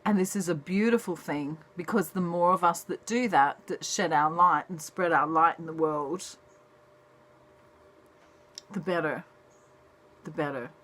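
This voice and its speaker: A woman giving a chatty, casual tarot reading in a soft, unhurried manner. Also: sits low, slight background noise. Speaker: tarot reader.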